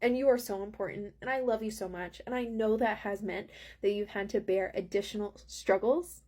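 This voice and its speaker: A woman with a soft, breathy voice pitched in the ordinary middle range delivers a channeled tarot reading. She talks earnestly and gently, drifting along with frequent ums as she addresses her listener. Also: steady tone, moderate pace. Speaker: spiritual mentor.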